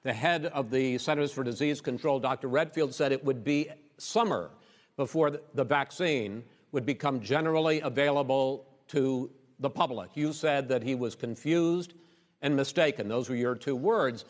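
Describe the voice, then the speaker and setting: A man moderating a televised debate, firm and measured as he presses his questions. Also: mid-range voice. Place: large debate hall. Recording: long hall reverb.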